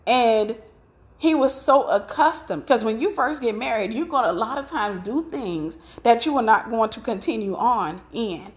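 A woman's voice: a little high, animated, normal speed. A middle-aged woman preaching in a conversational, storytelling way, telling about her own marriage. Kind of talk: sermon with personal story.

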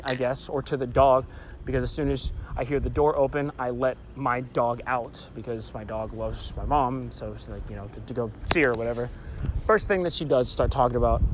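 A young man telling a story in an agitated, rambling rant, swearing often and restarting his sentences. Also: fairly high pitch. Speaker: vlogger. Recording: noisy street background.

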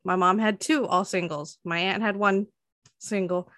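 A woman's voice: medium pitch, fairly even intonation, measured pace, fairly bright tone, no echo, clean studio sound. A woman in her twenties telling a story in casual chat, full of fillers and laughing often.

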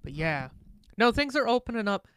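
Clear high-voiced man, casual banter. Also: very animated, moderate pace, a bit bright, no room sound. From Pacific Northwest of the US. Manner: joking, swears casually, tells anecdotes. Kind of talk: casual chat.

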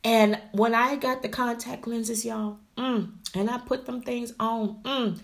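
A middle-aged woman vlogger telling a story to her viewers in a chatty, animated way, often calling them honey and y'all, going from loud bursts to hushed asides. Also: fairly high pitch, a little slow.

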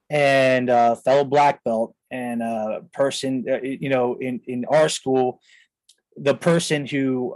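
A man's voice: medium pitch, no room sound, low-quality recording. A man in his thirties hosting a podcast, telling a personal story in a rambling way full of fillers, recorded on a close mic in a studio. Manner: rambling, filler-heavy, with "you know" and "like". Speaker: podcast host. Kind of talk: casual storytelling.

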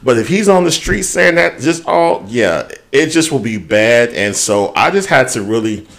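A man's voice: medium pitch, expressive, normal speed, vocal fry, a bit bright. A man co-hosting a podcast, chatting casually and candidly about his week, swearing freely as he talks it through. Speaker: podcast co-host. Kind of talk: casual chat.

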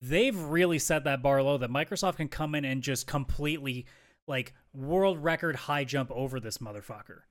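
A man's voice: medium pitch, normal speed. Rambling male podcast co-host. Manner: rambling, many fillers and asides. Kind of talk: casual chat.

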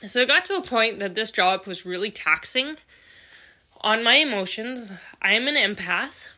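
Bright-voiced earnest woman podcaster. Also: on the high side, lively intonation, moderate pace. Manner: earnest, emotional, swears casually. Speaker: podcast host. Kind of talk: candid personal monologue.

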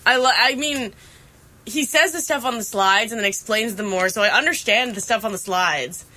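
A young woman from upstate New York, a college student chatting casually on a podcast, animated and full of "like". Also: on the high side, normal speed. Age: young adult. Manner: chatty, animated storytelling with frequent "like". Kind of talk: casual chat.

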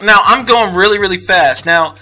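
A man's voice: high-pitched, normal speed, faint music behind. A young man in casual podcast conversation, telling a story with laughs and acted-out voices. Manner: animated storyteller, laughs often, acts out voices.

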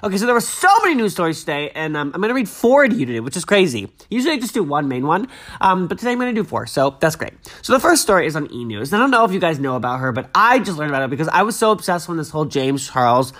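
Fast, animated young man chatting. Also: on the high side. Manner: chatty, gushing and dramatic. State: a little stuffy. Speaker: podcast host. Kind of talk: casual chat and reading news aloud.

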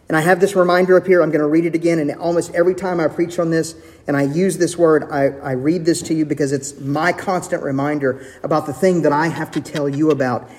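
A man preaching a sermon as pastor, earnest, with shifts of pace and soft, hushed quoted lines. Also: a little high. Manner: earnest, varies pace, drops to soft intimate tones for quotes. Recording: long hall reverb.

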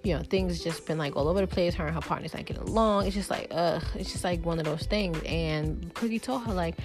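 A woman's voice: lowish voice, fairly quick, music in the background. A woman vlogger giving casual motivational advice, emphatic and preachy, talking loosely with many fillers. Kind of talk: casual motivational talk to camera.

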